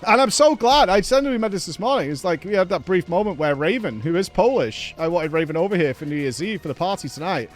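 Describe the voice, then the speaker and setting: A man's voice: sits high, animated, quick pace, few pauses, soft background music. A man in casual chat, rambling through a story with frequent swearing and nervous laughs. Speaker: show host.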